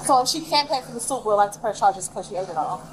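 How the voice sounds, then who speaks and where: A woman's voice: medium pitch, lively intonation, fast, very noisy. A woman working at a store, making a matter-of-fact complaint to officers. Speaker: store employee.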